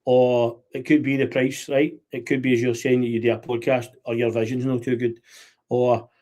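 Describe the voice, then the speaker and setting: A Scottish man hosting a podcast, telling animated football stories in casual chat, full of fillers and restarts. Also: mid-range voice, moderate pace. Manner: animated storyteller with many fillers. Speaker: podcast host.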